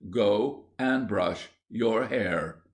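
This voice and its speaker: A man's voice: fairly low pitch, extremely slow. A man doing a dry, stern father.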